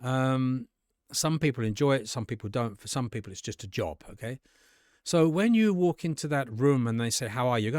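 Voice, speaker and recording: A man teaching English to camera in a casual, conversational way, sometimes jumping his voice up high to act out sample dialogues. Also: expressive, normal speed, dry recording, studio quality. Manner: conversational, acts out sample dialogues with bright jumps in pitch. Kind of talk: casual spoken lesson to camera.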